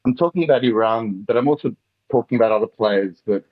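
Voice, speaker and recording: A man's voice: lowish voice, fast. A man with an Australian accent calling in to a live show, talking in a laid-back, rambling way. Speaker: caller. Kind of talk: casual phone-in chat. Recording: dull lo-fi call audio.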